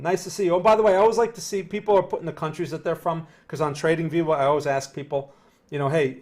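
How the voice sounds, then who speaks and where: A man's voice: fairly high pitch, darkish tone. A middle-aged man with a New Jersey accent giving live market commentary, talking casually and answering viewer chat as he goes. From northern New Jersey. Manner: conversational, repeats himself, reads chat aloud. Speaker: market analyst streaming live.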